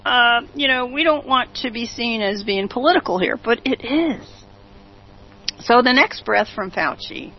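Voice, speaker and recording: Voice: medium pitch, slight background noise. A talk show host giving opinionated commentary, reading out news quotes and turning to a co-host with rhetorical questions. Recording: dull lo-fi recording.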